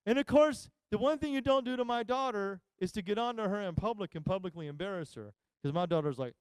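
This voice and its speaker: Man, pastor, jokey sermon, high clear voice, dry sound. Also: brisk, darkish tone, no room sound. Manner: jokey storyteller acting out quoted voices. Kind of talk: humorous sermon. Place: church service live stream.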